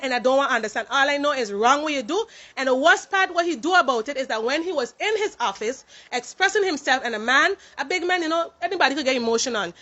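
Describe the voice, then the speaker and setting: A woman's voice: high-pitched, sharp tone, dull audio. A woman who works in a warehouse, protesting indignantly and emphatically and slipping into French mid-sentence. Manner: indignant, emphatic, mixing French into her English. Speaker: warehouse employee. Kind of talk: impassioned protest speech to camera.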